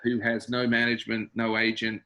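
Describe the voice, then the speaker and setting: A man's voice: on the low side, completely flat delivery, brisk, pushed and bright. A man with an Australian accent, a guest musician talking casually and wryly, building his points in lists. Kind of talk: casual conversation.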